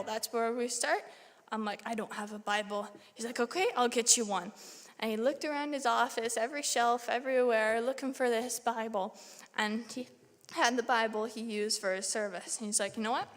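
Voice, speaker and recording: A young woman giving a personal testimony in church, telling her story in a lively way and acting out her own reactions. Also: a little high. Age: young adult. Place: church sanctuary. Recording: long church hall reverb.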